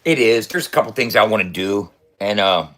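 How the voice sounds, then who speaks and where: A man's voice: on the low side, expressive, fairly quick, a bit bright. A man in his fifties talking casually in a loose, profane, boastful way and laughing often. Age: 50s. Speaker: vlogger. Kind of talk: casual rambling vlog.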